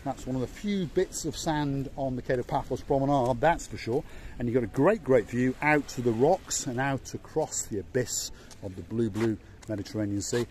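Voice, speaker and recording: A man at an ordinary middle pitch hosts an outdoor walking tour along a seaside promenade. He talks in a playful, jokey way and likes to repeat words for emphasis. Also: normal speed, darkish tone, a little hiss or hum. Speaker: vlog host and tour guide.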